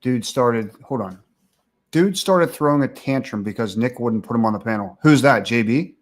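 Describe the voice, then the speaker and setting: A man's voice: medium pitch, expressive, moderate pace. Give me a crude, mocking livestream host, a man. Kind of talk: casual livestream rant.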